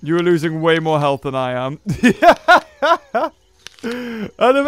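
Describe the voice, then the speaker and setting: A man giving excitable let's play commentary, laughing, yelping and muttering to himself as he plays. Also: fairly high pitch, takes it slowly, clear, resonant tone, no echo. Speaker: gameplay commentator.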